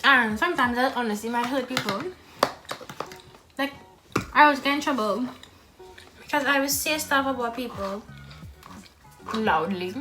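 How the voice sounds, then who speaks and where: A woman's voice: fairly high pitch, normal speed, pauses often, over music. A young woman who films herself eating at home and chats to the camera in a blunt, frank way, talking between bites. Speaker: mukbang vlogger. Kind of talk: casual talk while eating.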